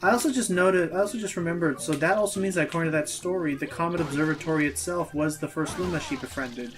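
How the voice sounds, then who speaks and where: A man co-commentating on a game, explaining fan theories with frequent restarts. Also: on the high side. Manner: halting, restarts often while explaining theories. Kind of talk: casual gameplay commentary. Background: game music.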